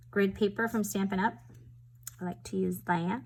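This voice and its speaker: A woman's voice: medium pitch, steady tone, normal speed, a little mellow, low-quality recording. A woman talks through a paper craft project at her home table in a loose, rambling way, poking fun at herself as she goes. Her voice sits in an ordinary middle register for a woman. She sounds casual and unscripted, like she is showing a friend. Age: adult with a school-age daughter. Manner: chatty, rambling, self-deprecating. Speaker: papercraft tutorial host.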